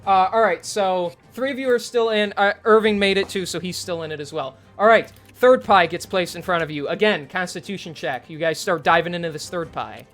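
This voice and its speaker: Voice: medium pitch, a little fast, few pauses, fairly bright tone, soft background music. A game master narrating a tabletop game in a casual, hesitant way with many fillers. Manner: chatty, hesitant, laughs a lot.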